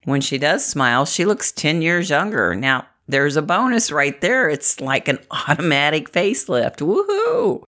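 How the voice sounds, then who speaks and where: This woman's voice sits low and sounds sharp and animated, moving at normal speed with few pauses. She's a middle-aged inspirational vlogger from the Midwest, chatting encouragingly to camera and laughing a lot. It's an upbeat motivational talk.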